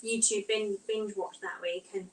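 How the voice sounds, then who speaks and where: Mum rambling on while doing housework, throat a bit tight, voice bounces around the kitchen from across the room. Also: female voice, mid-range voice, fairly even intonation, moderate pace, echoey room, distant mic, a loud crowd, poor audio. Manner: chatty, rambling, reads out live comments. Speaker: vlogger. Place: home kitchen.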